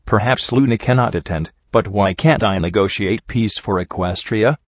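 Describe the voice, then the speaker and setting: A man voicing a gentle, dignified female pony princess who speaks softly but firmly. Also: fairly low pitch, normal speed, dry recording, lo-fi sound, lightly acted. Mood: earnest. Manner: soft and calm but firm.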